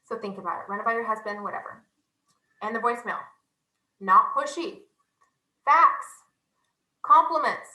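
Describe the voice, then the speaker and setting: A young woman giving a casual, animated sales training talk, chatty and self-deprecating. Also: fairly high pitch, normal speed, long pauses, roomy sound, rough recording.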